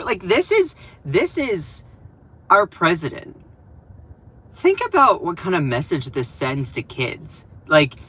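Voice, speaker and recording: Bright, animated young man ranting sarcastically. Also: on the high side, low-quality recording. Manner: animated, sarcastic, quick asides with many fillers. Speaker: political commentator. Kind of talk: casual political commentary vlog.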